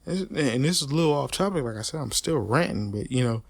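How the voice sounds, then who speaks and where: Man, mid pitch, gravelly, close and dry; heated unscripted rant, lots of swearing and repeats. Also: fairly quick, dry recording. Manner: profane, repetitive, animated. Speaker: podcaster.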